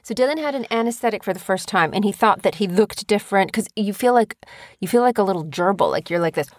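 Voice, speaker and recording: Mom telling stories, dry sound. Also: female voice, mid-range voice, quick pace, no echo. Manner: animated storytelling, teaching tone. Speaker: podcast co-host, mother. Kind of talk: casual parent-child chat.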